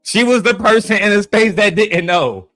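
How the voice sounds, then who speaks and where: A man hosting a livestream, ranting in a heated, profane, animated way. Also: high voice, moderate pace, dry recording, faint music behind. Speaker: livestream host. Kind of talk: livestream reaction rant.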